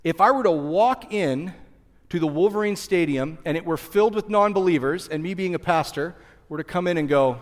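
A man's voice: fairly high pitch, a little fast. A man preaching as a pastor, retelling the story in a breezy, jokey way and acting out quotes. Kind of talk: casual storytelling sermon. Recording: long hall reverb.

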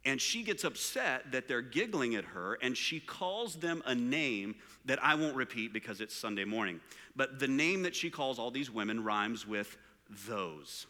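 Guy preaching in a big echoey church hall, lively swooping voice, kinda high. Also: normal speed. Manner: animated, joking, rhetorical questions to the room. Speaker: pastor. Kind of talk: live sermon. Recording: long hall reverb.

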